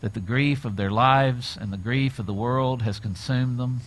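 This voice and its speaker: A middle-aged male pastor preaching a sermon, retelling scenes with lively acted-out quotes. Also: mid-range voice, moderate pace, a little hiss or hum. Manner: animated storytelling, acts out quoted voices.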